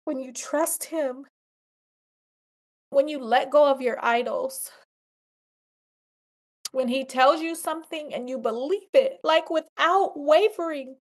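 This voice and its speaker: A woman's voice: high-pitched, takes it slowly, pauses often. Emphatic woman giving faith testimony. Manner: emphatic, repeats phrases like a preacher; talks straight to listeners, addressing them as y'all. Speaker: podcast host. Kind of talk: faith testimony podcast monologue.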